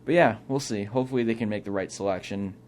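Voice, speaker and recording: A man's voice: on the low side, fast, a little mellow. A young man co-hosting a casual sports talk show from a small studio, thinking aloud with opinionated restarts. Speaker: co-host.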